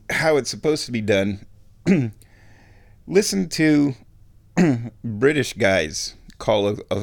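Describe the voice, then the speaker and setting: A man at home, ranting and giving casual opinionated commentary on a football match, often clearing his throat. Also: mid-range voice. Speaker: fan watching a football match.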